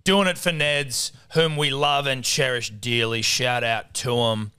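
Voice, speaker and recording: A man's voice: medium pitch, steady tone, measured pace, sharp tone, clear, resonant tone. A man with an Australian accent hosting a casual betting podcast, teasing and often laughing as he tells stories. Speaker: podcast host. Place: studio.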